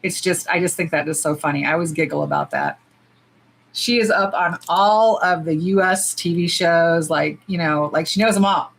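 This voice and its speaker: A woman's voice: lowish voice, normal speed, rough recording. Chatty woman on a livestream. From United States. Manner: chatty, animated, swears freely, says y'all. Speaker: nail polish swatching livestreamer. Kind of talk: casual livestream chat.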